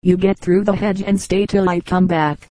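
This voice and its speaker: A woman voicing a lively, frank young girl who talks candidly and briskly, in an audiobook reading. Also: lowish voice, no echo, close to an everyday voice.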